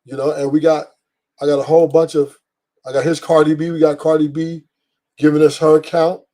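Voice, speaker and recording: Man, commentary host, mellow warm tone, lecturing, repeats himself. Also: fairly high pitch, little pitch movement, brisk. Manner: lecturing, repeats his points. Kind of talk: opinion commentary.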